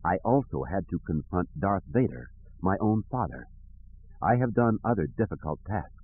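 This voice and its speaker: A calm, stern Jedi master speaks slowly and solemnly in a deep, husky voice, read by a man narrating an audiobook. The audio is narrow and phone-like. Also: exaggerated voice. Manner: measured, solemn and quiet. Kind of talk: audiobook character reading.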